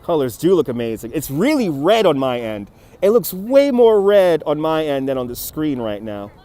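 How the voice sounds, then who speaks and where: A chatty New York City man hosts a livestream outdoors on a city riverfront, giving a walking-tour chat and reading viewer comments aloud. His voice is a little high, very animated and mellow, at a moderate pace, and he greets viewers by name and laughs easily. He's filming on a phone mounted on a handheld gimbal.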